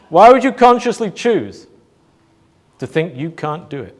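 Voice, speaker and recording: A man giving a motivational talk to a live audience, asking rhetorical questions and pausing for emphasis. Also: on the high side, huge pitch swings. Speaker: motivational speaker.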